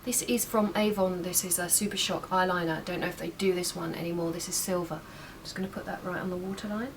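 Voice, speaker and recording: A woman's voice: on the low side, steady tone, fast. A young woman chatting casually through a makeup tutorial at home, making small asides as she works. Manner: chatty, talks while working, some asides. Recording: slightly distant mic, faint room noise.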